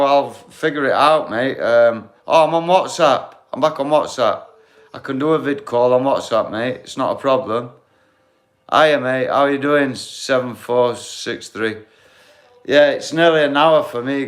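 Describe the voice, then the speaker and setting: A man hosting a live stream, chatting bluntly with viewers, heated and swearing freely. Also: mid-range voice. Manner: blunt, heated, swears, talks straight to the chat.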